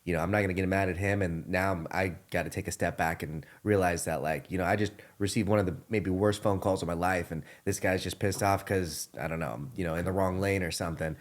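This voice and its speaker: Brief: male host, very low voice, relaxed and chatty. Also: quick pace, few pauses. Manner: relaxed, laughs often, lots of fillers. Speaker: podcast host. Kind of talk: casual interview chat.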